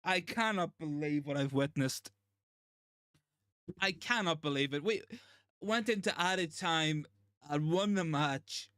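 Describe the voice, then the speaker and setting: A male host giving live football watchalong commentary, excitable and shaken, stammering and repeating himself in disbelief. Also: a little high, slow pace, long pauses, clean tone, no room sound, studio quality. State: shaken and overwhelmed. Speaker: fan channel host.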